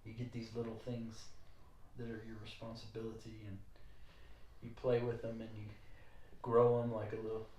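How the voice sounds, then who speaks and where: A middle-aged man hosting a podcast, talking in a rambling, animated way with jokey asides. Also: on the low side, normal speed, distant mic, slight background noise. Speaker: podcast host. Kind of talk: casual interview chat. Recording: roomy, from off mic.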